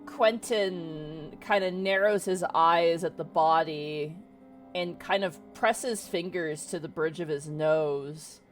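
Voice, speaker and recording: A woman's voice: low-pitched, slow, soft background music. A woman running a tabletop game as game master, narrating in a chatty way full of "kinda" and "like".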